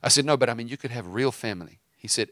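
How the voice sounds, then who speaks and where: A man with a medium-pitched, slightly bright voice preaches at a quick pace, with fiery emphasis. As preacher and host, he mixes scripture with stories and casual asides in impassioned preaching. The studio-quality recording has no echo.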